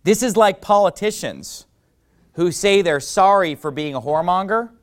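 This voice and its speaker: Man, preacher, sermon, lively swooping pitch, clear resonant voice, acts out quotes with loud outbursts. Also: normal speed.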